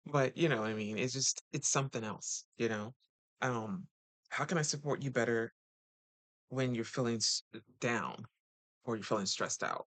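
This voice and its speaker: A man's voice: moderate pace, fairly bright tone, no room sound. A man talking casually to viewers as a relationship coach, chatty and full of rhetorical questions. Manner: chatty, rhetorical questions, sudden pitch jumps.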